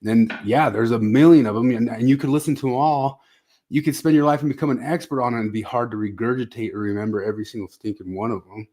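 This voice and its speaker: A man's voice: medium pitch, fast talker, warm tone. Ranting male podcast co-host. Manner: exasperated, ranting, mocking. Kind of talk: casual podcast chat.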